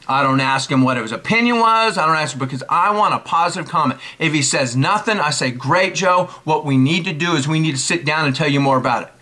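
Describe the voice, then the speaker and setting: A man in his forties giving casual sales coaching, brisk and emphatic, repeating his key points. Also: on the high side, pushed and bright. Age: 40s. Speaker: network marketing coach. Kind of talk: casual instructional talk.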